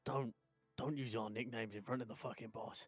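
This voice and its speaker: A man voicing a large, slow-witted male thug henchman who swears and barks at his partner. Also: mid-range voice, steady tone, dry recording, soft background music, voice pushed down, natural voice. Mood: gruff. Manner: coarse, swearing, barking.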